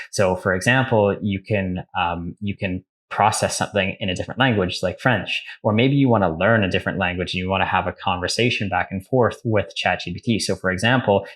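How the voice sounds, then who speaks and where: A young man hosting a casual screen-share tutorial, chatty and self-correcting, reading his typed prompts aloud slowly. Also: sits low, a bit bright. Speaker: tech tutorial host.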